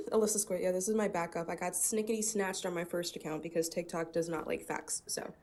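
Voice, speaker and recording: Young woman, caller on a video call, fervent and rapid, keeps restarting sentences. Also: lowish voice, fairly even intonation, darkish tone, slight background noise. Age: 20s. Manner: fervent, rapid, self-interrupting. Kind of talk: casual political discussion.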